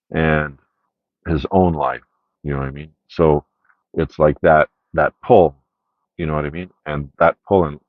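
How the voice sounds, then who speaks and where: Very deep-voiced man rambling casually. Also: dry recording. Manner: rambling with many fillers and repeated "right?". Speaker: media collection haul host. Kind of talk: casual unscripted video review. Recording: dry, dull lo-fi sound.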